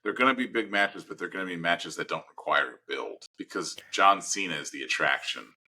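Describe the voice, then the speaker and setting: A man's voice: low-pitched, fairly quick, pushed and bright, low-quality recording. A man co-hosting a casual podcast, talking through his opinions in long rambling turns with restarts. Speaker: podcast co-host. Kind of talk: casual chat.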